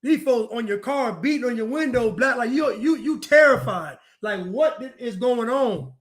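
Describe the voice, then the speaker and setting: A commentator with a very high-pitched, somewhat bright voice speaks at normal speed. His monologue is preachy and mocking, repeating phrases for emphasis and acting out other people's lines.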